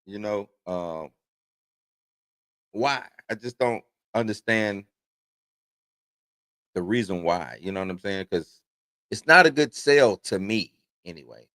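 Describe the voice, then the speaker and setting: A man's voice: lowish voice, animated, takes it slowly, pauses often, bright, forceful tone, no echo. A man in his forties hosting a casual livestream, reading entertainment news aloud and then rambling off into his own stories. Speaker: host.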